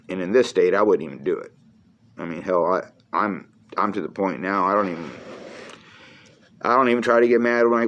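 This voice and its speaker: A middle-aged American man hosting his own show in a blunt, rambling monologue, often restarting his words. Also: low voice. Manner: blunt, plain-spoken, repeats and restarts words. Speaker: host of a solo video show.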